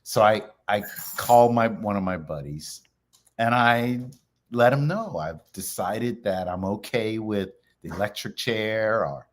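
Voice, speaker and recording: A middle-aged man with a fairly low voice tells a story in a relaxed interview. He acts out the other people's lines with a lot of animation. He speaks as a company founder talking through his career. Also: a little slow. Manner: animated storyteller acting out quoted dialogue.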